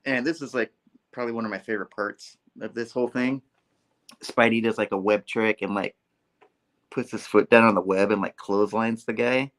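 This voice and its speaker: A man hosting a casual comic book review, talking in a playful, animated way. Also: fairly low pitch, a little fast. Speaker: host.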